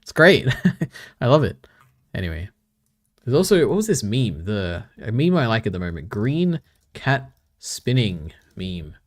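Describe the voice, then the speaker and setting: A man with a fairly low voice chats on a livestream in a loose, casual way. He reads viewer messages aloud and answers them with easy chuckles. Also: big pitch swings, unhurried, a little mellow. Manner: reads chat aloud and banters back, chuckling often. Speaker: streamer.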